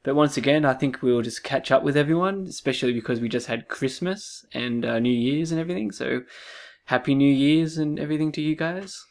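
A man hosting a casual gaming podcast, relaxed and quick to laugh. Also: on the high side, gravelly. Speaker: podcast host.

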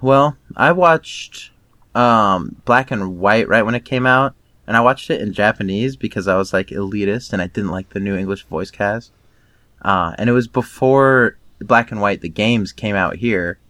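A man co-hosting a podcast, talking in an animated way and swearing freely. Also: fairly low pitch, moderate pace, dry recording. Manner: animated, swears freely, laughs between words. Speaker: podcast co-host. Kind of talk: casual chat.

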